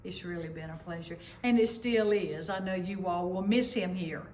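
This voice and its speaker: A woman's voice: lowish voice, normal speed, darkish tone, slight background noise. A woman giving playful, teasing remarks for a coworker's tribute. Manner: playful and teasing, then sincere. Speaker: longtime employee interviewed for a tribute. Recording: echoey room.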